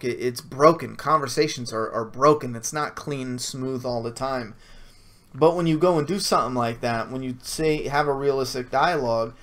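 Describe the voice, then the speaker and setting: A man answering viewer questions in a casual stream, blunt and swearing freely, with frequent restarts. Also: medium pitch. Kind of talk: casual Q&A livestream.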